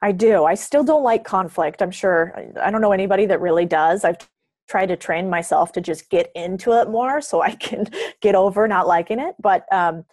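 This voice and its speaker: A young woman telling a story in a podcast interview. She is animated and jumps into the voices of the people she quotes. The sound is close and dry. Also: mid-range voice, moderate pace, dry recording. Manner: animated, acts out quoted dialogue. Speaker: guest.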